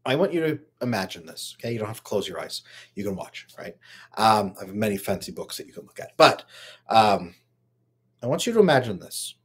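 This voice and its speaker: A man's voice: on the low side, sing-song, fairly quick, fairly bright tone, husky. A man coaching on relationships in a live stream, talking casually and greeting viewers from the chat by name.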